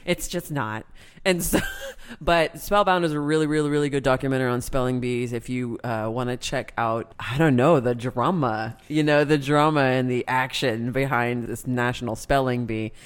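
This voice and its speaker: A man telling a story in casual chat as a podcast co-host, animated and laughing often. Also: mid-range voice, normal speed, clear, resonant tone.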